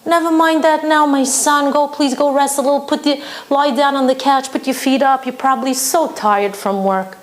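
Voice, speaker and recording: A woman's voice: high-pitched, steady tone, normal speed, few pauses, pitched above the performer's own voice, lightly acted. A woman voicing a doting older Sephardic mother who coaxes her son with sweet endearments. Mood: coaxing. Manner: sweet, coaxing, heaping endearments.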